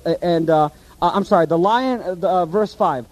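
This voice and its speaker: High-voiced guy preaching, lively, keeps asking the crowd stuff. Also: moderate pace, poor audio. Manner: animated, asks the audience questions. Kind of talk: sermon, Bible teaching.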